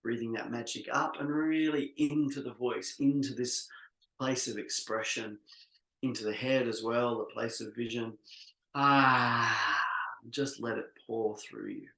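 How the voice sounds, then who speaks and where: Workshop facilitator, male, mid pitch, gravelly; slow soothing guidance, echoey room, video call. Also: steady tone. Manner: slow, soothing guided instructions with many pauses and drawn-out "ah" sounds. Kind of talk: guided embodiment exercise on a video call.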